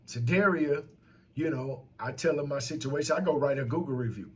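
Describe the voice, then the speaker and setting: A man's voice: a little high, lively intonation, moderate pace, a bit bright, husky. A man telling a story about a complaint in a casual, heated and profane rant.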